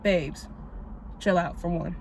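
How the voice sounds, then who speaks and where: A woman in her twenties hosts a casual spiritual podcast, speaking slowly in a low-ish, steady, gravelly voice. She's blunt, sassy and profane, with lots of "like" fillers, and the audio carries a little hiss or hum.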